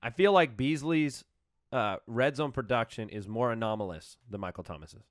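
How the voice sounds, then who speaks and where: A man's voice: medium pitch, normal speed, dry recording, clean studio sound. A man hosting a casual sports podcast, joking around and reading out listener questions. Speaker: podcast host.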